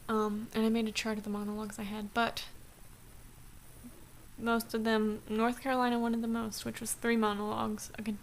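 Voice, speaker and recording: A woman's voice: a little high, slight background noise. A young woman vlogging in a casual, rambling way, full of restarts and fillers, recorded on a camera mic at home. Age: young adult. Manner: chatty, rambling with many restarts and "like". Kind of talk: casual vlog chat.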